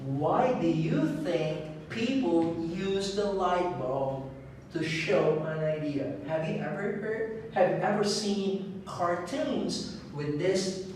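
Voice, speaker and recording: A man teaching an online English lesson, speaking slowly and clearly and drilling the pronunciation of words one at a time. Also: high voice, a little mellow, heavy reverb, distant mic, slight background noise, low-quality recording. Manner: slow and clear, drilling words with a repeated stress.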